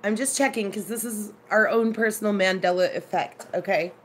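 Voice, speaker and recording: A chatty woman hosting a relaxed live stream from her kitchen, greeting viewers and telling stories in an easy, conversational way. Her voice sits in a middle register, with a faint hum of room noise behind her. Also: medium pitch, moderate pace. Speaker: live-stream cooking host. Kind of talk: casual live-stream chat.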